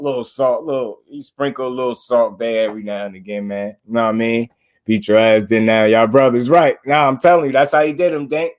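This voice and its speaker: Brief: male commentator, relaxed and slangy, mid-range voice, laughs a lot. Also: mid-range voice. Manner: slangy and laid-back, laughing often, reading out viewer comments. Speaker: boxing commentator. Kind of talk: casual commentary.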